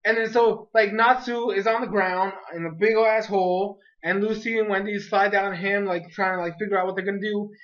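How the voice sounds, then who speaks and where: An anime reviewer talking casually through an episode, chatty and full of "like", retelling scenes with animated energy. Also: mid-range voice, a little fast, hardly any pauses. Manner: chatty, peppered with "like". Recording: dull lo-fi recording.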